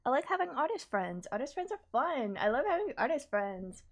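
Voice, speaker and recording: A woman artist chatting casually on a live stream while drawing, animated and laughing often. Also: high voice, a little fast.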